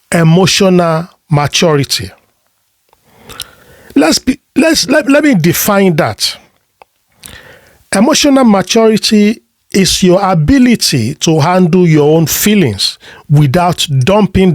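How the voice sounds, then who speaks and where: A relationship coach gives a motivational advice talk, speaking slowly and emphatically in deliberate short phrases full of rhetorical questions, repeating words whenever he restarts a thought. His voice is high and animated, recorded dry with clean studio sound.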